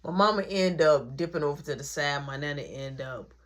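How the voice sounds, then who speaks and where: A woman's voice: low-pitched, fairly quick. A woman telling a story in casual slang, acting out the voices of everyone in it. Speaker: storytime vlogger.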